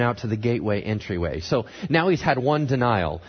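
A man preaches through a scripture passage and plays the characters with big swings of pitch and volume. His voice is husky and animated. The recording sounds dull and muffled. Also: fairly quick. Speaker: pastor. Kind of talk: sermon reading and commenting on scripture.

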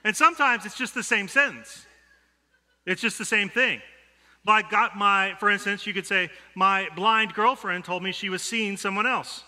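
A man's voice: high-pitched, moderate pace, sharp tone. A man, giving a conversational sermon full of stories and self-deprecating jokes. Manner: storytelling, self-deprecating humor. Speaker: pastor. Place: church sanctuary. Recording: long hall reverb.

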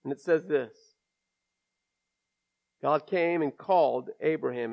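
A pastor with a high, light voice delivers a conversational sermon, folksy and candid, leaning into emphatic asides. The recording sounds dull and lo-fi, with the top end rolled off, as if captured in a church sanctuary. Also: male voice, slow pace, gravelly.

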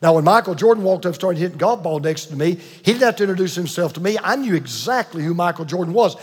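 Older male pastor, high husky voice, preaching in a big reverberant church. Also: animated. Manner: emphatic preacher with dramatic pauses and asides. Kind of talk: sermon.

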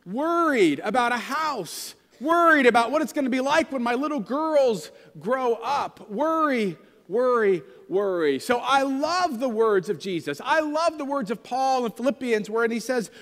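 A man's voice: very high-pitched, lively intonation, moderate pace, few pauses, a bit bright, in a large hall. A pastor in his thirties preaching a sermon in a conversational, self-deprecating storytelling way.

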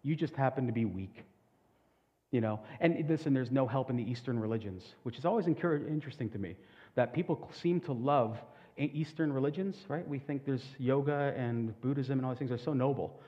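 A man preaching a sermon as pastor, talking earnestly and building to loud, emphatic peaks. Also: medium pitch, brisk. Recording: dull sound with long hall reverb.

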